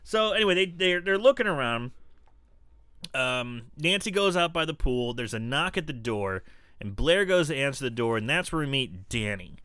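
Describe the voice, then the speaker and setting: A man's voice: mid-range voice, sing-song, moderate pace, sharp tone, clear, resonant tone, no room sound, studio quality. A man casually recapping a horror film on a podcast, swearing freely and putting on mocking voices for the characters. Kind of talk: casual movie recap chat.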